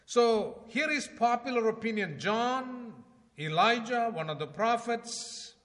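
A man preaching a sermon in a conversational way, asking rhetorical questions and swinging between loud emphasis and quiet asides. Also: extremely high pitch, lively intonation, slow pace. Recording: long hall reverb.

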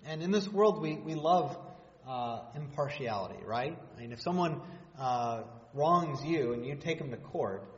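A man preaching in a conversational, joking way, tossing out rhetorical questions. His voice sits a little high. The sound is dull, with a long hall reverb. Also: expressive, a little slow. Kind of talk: sermon. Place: church hall.

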